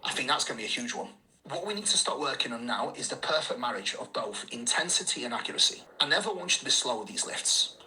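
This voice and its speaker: Bright-voiced coach, earnest and emphatic. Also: male voice, medium pitch, animated, fast, poor audio. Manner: earnest, emphatic, repeats key phrases. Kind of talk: coaching talk.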